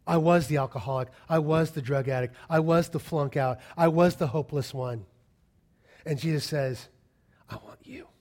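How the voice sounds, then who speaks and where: In a voice on the high side and at normal speed, a middle-aged pastor gives a sermon. He's an animated storyteller who acts out the people in his tales.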